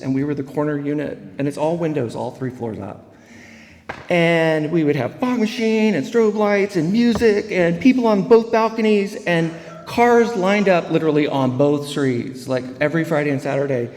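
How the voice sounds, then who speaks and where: Speaking in a large hall, a man with a slightly high, slightly mellow voice tells his recovery story at an AA meeting. He's a funny, rambling storyteller who leans on lots of fillers.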